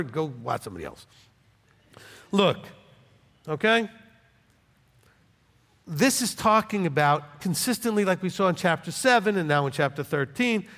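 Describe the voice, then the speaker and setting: Brief: male preacher, high and very expressive voice, blunt and confrontational, long reverb. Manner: blunt, combative, conversational. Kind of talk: informal Bible teaching.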